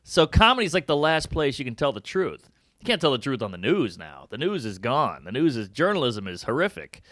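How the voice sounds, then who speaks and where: A man, a comedian chatting as an interview guest, jokey and animated with big jumps in pitch for emphasis. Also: brisk, no echo, studio quality. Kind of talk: casual interview chat.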